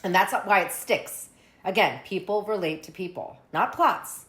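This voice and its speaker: A woman family therapist, a guest in a casual interview, who tells lively stories and acts out what people say. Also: mid-range voice, measured pace. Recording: roomy echo.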